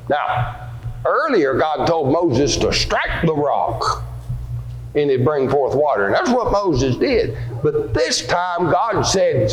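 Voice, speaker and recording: A man's voice: on the high side, a little hiss or hum. A man teaching a Bible lesson to children, asking them questions and acting out scripture scenes. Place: church hall. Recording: echoey room with faint ambience.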